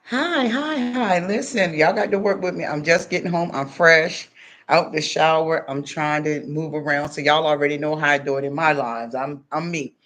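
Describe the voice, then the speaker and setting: Talking into his computer mic during a relaxed home livestream, a weary host chats with his viewers and eats between sentences. His voice is on the high side and a bit bright, with a moderate pace.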